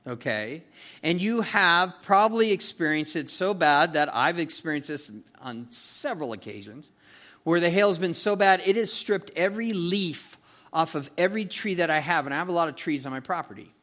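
A man with a slightly raised pitch teaching a verse-by-verse sermon. He talks in a folksy, chatty way, full of fillers, and keeps checking in with his listeners. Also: expressive, moderate pace, sharp tone. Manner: folksy and chatty, asks "okay?" and "you know", with many fillers. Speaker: pastor teaching a Bible study.

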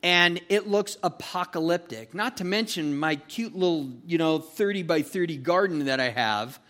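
A man with a slightly raised pitch teaching a verse-by-verse sermon. He talks in a folksy, chatty way, full of fillers, and keeps checking in with his listeners. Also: expressive, moderate pace, a bit bright. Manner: folksy and chatty, asks "okay?" and "you know", with many fillers. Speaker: pastor teaching a Bible study.

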